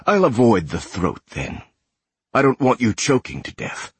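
A man's voice: mid-range voice, wildly swooping pitch, a little slow, slightly rough, no echo, voice pushed up, exaggerated voice. A man voicing a sadistic, taunting male killer. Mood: cold, mocking. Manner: taunting, shouting in anger. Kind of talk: audiobook character voice.

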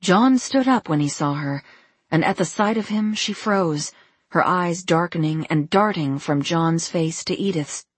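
A woman narrating a novel in a calm storytelling manner. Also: on the low side, slightly rough, no room sound. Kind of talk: scripted narration.

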